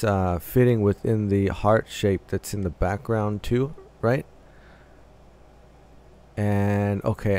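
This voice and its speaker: Low-voiced man breaking down a song. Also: vocal fry, a little mellow. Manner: analytical, picking apart vocals and arrangement; hesitant, restarting phrases while thinking aloud. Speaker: music reaction host. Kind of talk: casual music reaction commentary.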